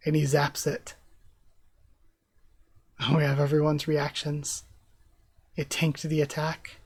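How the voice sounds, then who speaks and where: A manga reaction streamer reading chapters aloud and reacting live in an excitable, chatty way with frequent laughs. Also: medium pitch, a little slow, long pauses, no room sound.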